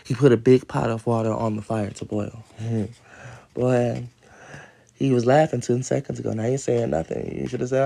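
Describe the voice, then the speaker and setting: A man's voice: on the high side, moderate pace, creaky, dark tone. Casual man, phone livestream at home, loose profane storytelling with chatter. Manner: rambling, profane, laughing asides. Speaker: livestream host reading a storybook. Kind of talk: casual livestream read-aloud with commentary. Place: at home, moving from outdoors to his room.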